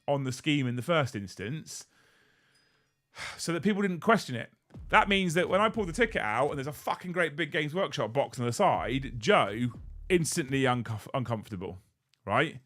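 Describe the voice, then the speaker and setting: A man hosting a casual chat, telling an animated story and swearing freely. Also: fairly high pitch, moderate pace. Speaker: host.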